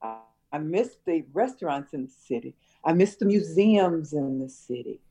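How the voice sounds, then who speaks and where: An older woman, a retired schoolteacher from Chicago, reminiscing in a relaxed conversation and laughing often. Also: sits low, moderate pace, slightly rough, faint music behind. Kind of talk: casual conversation.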